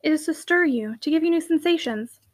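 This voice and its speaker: Caroline is an earnest young woman who teases gently and speaks with feeling. A woman reads her in a fairly high, light voice. She sounds close to the narrator's own reading voice. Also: animated, brisk.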